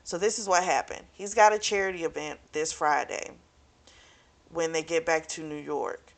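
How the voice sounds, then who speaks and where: A woman's voice: sits low, moderate pace, creaky. A young woman casually recapping and reviewing a romance novel, chatty and frank, swearing freely and talking straight to her viewers. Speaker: book club vlogger.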